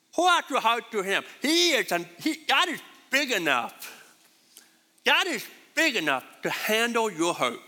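A man preaching a sermon as pastor, repeating his points with emphasis in a church hall. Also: high voice. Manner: repetitive, emphatic, animated. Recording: reverberant hall.

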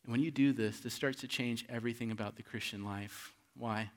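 A pastor preaching a sermon, asking rhetorical questions and swinging between hushed and loud, emphatic delivery. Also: male voice, mid-range voice, steady tone, brisk, few pauses.

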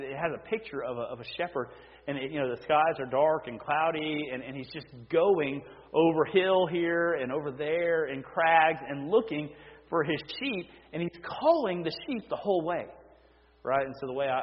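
A male pastor preaching a sermon in an animated, conversational way, often tagging his sentences with "right?" to check in with his listeners. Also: medium pitch. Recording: dull lo-fi recording in a reverberant hall.

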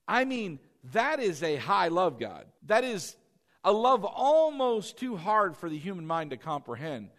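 A middle-aged male pastor delivering a sermon in a fairly high voice. He preaches in an animated way, firing rhetorical questions at the congregation and slipping into quoted lines.

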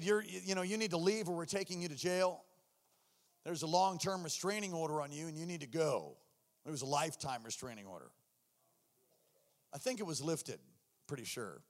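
A man preaching a sermon, telling his story with acted-out voices and shouts. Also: fairly high pitch, lively intonation, moderate pace, long pauses. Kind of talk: sermon testimony.

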